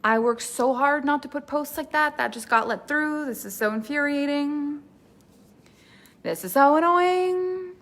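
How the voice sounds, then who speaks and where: A woman's voice: sits high, unhurried, a bit bright, voice pushed up. A woman voicing an exasperated woman group member who complains about broken rules. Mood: indignant.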